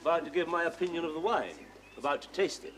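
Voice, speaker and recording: A fussy, self-important middle-aged father who rambles as he prepares to judge wines, played by an actor. His voice sits fairly high for a man. Faint hiss runs under the old TV soundtrack. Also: fast talker, natural voice.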